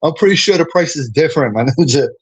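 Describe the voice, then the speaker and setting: A man's voice: on the high side, expressive, quick pace, husky, rough recording. A young man with a New York accent, a streamer from the Bronx, trash-talking in a casual, profane livestream rant and laughing between lines.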